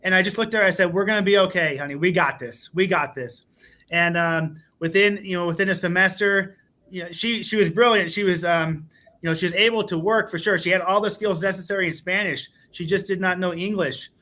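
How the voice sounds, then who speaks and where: A man's voice: high voice, steady tone, brisk, pushed and bright. A man who is a school administrator, telling a heartfelt teaching story on a panel in an earnest way with many fillers.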